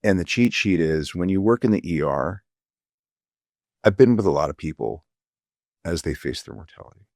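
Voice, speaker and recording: A middle-aged man with a very low voice talks earnestly, pausing often and hunting for the right words as he reflects. He sounds close to the mic in a dry, dead room with no echo. His tone can turn quietly emotional. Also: expressive. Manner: halting, searching for words, many fillers. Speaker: physician guest. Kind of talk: reflective interview conversation.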